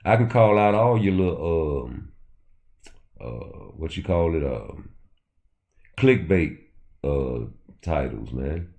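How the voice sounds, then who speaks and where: Deep, mellow-voiced man ranting on a livestream. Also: animated, slow, vocal fry, long pauses, lo-fi sound. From Chicago. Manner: loose, profane, addresses chat directly. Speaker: livestream host. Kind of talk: casual livestream rant.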